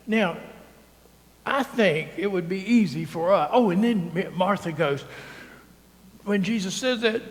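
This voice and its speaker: A man's voice: high voice, moderate pace. A male priest, preaching a sermon in a chatty, teasing way and often asking "right?". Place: church sanctuary. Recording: long church reverb.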